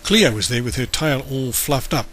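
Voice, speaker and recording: A man reading a children's story aloud in an expressive, animated way. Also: medium pitch, moderate pace. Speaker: storybook reader.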